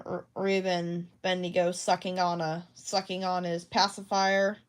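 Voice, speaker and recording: A woman vlogging casually at home about her craft projects, rambling and hesitant with many restarts. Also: on the low side. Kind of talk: casual talk to camera.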